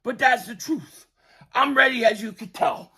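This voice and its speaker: A man hosting a fan sports show, ranting excitably and yelling at times, his voice going hoarse. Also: very high-pitched, moderate pace. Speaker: sports podcast host. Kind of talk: fan commentary live stream.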